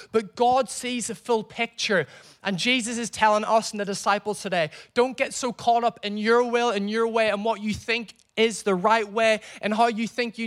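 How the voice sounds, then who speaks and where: A man in his thirties preaching a sermon as a pastor, telling stories with lots of energy and calling out to the congregation. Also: sits high. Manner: animated storytelling preacher with crowd prompts.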